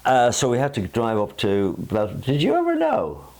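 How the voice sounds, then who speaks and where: A man's voice: medium pitch, huge pitch swings, normal speed, a little mellow. An older man and singer telling a rambling anecdote to an old bandmate, chuckling as he goes, in a living room at home. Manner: rambling storyteller, chuckles, mimics voices in jokes. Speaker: singer and show host.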